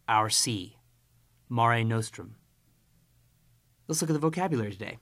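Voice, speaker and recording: A man teaching a recorded Latin lesson, reciting words slowly and pausing so listeners can repeat after him. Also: medium pitch, expressive, a bit bright, no echo. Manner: slow, deliberate recitation with pauses for repeating.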